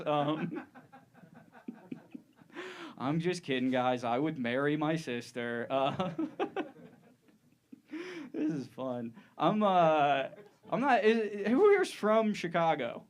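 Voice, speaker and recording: Male stand-up comic from Ohio, slightly high voice, meandering and self-deprecating on a club stage. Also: big pitch swings, a little slow, slight background noise. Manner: rambling, self-mocking, with loose asides and trailing restarts. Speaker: stand-up comedian. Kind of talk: stand-up comedy set.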